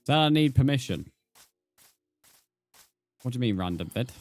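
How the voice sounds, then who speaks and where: Over faint music, a young man from Britain talks at a normal speed in a medium-pitched voice while streaming a game. He keeps it laid-back, reading out viewers' messages and replying with the odd "mate."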